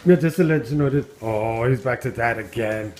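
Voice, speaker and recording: A man follows his dog around the house with a handheld camera, talking it through in a casual, amused way and chuckling often. His voice sits at an everyday middle pitch. A faint hiss runs under the recording. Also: moderate pace, darkish tone. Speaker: vlogger filming his dog. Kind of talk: casual running commentary. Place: at home indoors.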